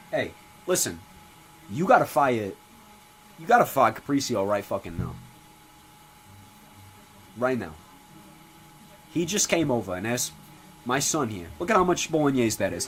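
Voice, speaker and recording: A man's voice: a little hiss or hum, close to an everyday voice. A man playing a foul-mouthed, brash middle-aged father in a comedy sketch, rambling and ranting with lots of swearing. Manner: profane rambling rants with animated pitch swings. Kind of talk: comedy sketch character monologue.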